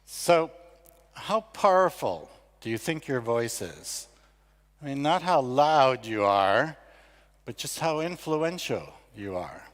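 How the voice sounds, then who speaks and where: Older man speaking in a reverberant hall. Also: mid-range voice. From United States. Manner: conversational, self-deprecating storytelling. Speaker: award ceremony speaker, competition founder. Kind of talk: conference speech. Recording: long reverb of a large hall.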